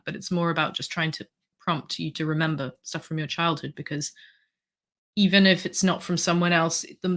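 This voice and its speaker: A woman's voice: fairly low pitch, fairly bright tone. A woman in her thirties hosting a casual livestream, hesitant, with many ums and restarts as she reads out the chat. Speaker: livestream host.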